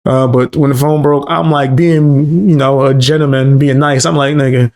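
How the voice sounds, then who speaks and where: A man's voice: medium pitch, fairly even intonation, normal speed, darkish tone. A man from the Bronx with a New York accent, telling loose, profane stories in casual chat on a live stream. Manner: loose, profane storytelling with street slang.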